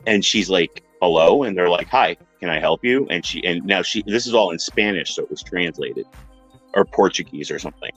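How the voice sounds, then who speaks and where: Low-voiced man telling a story casually. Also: fairly quick, slightly rough, soft background music, low-quality recording. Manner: animated retelling, acts out quoted voices. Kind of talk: casual storytelling on a podcast panel.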